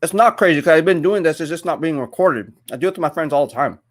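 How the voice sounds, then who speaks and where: A man's voice: a little high, fast talker. A young man chatting casually on a live stream while eating, rambling and reading viewer comments aloud.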